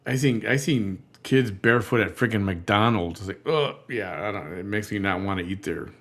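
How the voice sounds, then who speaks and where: A man's voice: lowish voice, moderate pace, a bit bright. A man hosting a reaction show, commenting over a video with rambling, disgusted asides.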